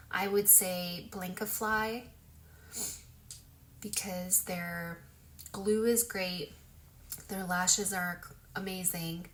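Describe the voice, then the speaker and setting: A woman talking through a casual makeup tutorial in a loose, chatty way, full of fillers, sometimes dropping to a soft whisper as she works. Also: mid-range voice, a little hiss or hum. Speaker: beauty vlogger.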